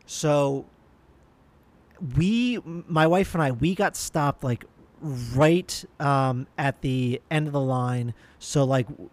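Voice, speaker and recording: A man's voice: a little high, takes it slowly. A man telling a casual anecdote, rambling along with many restarts and fillers.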